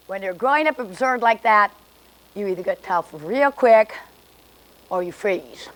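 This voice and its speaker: A woman delivers a confiding, self-mocking comic monologue to her listeners. Her voice sits at an ordinary middle pitch, with faint outdoor noise behind it. She performs it as a live one-woman stage piece, recorded out of doors. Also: expressive, moderate pace, low-quality recording. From Texas. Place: outdoor alley.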